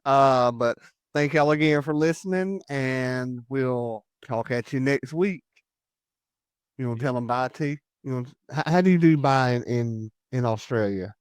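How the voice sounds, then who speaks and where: A man's voice: medium pitch, measured pace, clear, resonant tone, no echo, studio quality. A man hosting a podcast, chatting casually, joking and laughing often. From United States. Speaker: podcast host. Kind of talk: casual chat.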